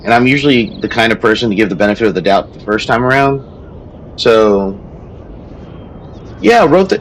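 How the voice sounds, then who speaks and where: A man of middle pitch chats casually as he plays a strategy game. He tells his stories in a loose, rambling way, often stopping to restart a sentence. There is a faint hum of room ambience behind him. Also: rough recording. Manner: rambling storytelling with frequent restarts. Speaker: gameplay streamer and teacher. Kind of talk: casual chat while playing a strategy game.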